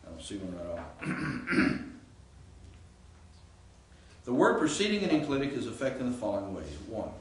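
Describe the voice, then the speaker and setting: A man's voice: medium pitch, sing-song, normal speed, pauses often, slight background noise. A man teaching a Greek grammar class, explaining rules and asking his students questions, with frequent fillers. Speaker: Greek instructor. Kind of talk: classroom lecture. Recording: echoey classroom, distant mic.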